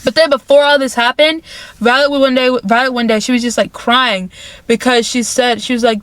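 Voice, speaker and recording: A woman vlogger with a somewhat high voice, talking through a movie plot in loose, chatty fashion. She repeats phrases and leans on filler words. The sound is dry and close. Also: normal speed, a bit bright, no echo. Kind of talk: casual movie recap.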